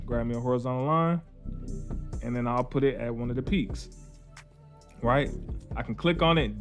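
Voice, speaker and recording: A man walks through charts in a loose, chatty screen-share tutorial. He repeats himself and drops slangy asides, his voice sitting at a middle pitch. Faint music plays behind him. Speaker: trading educator.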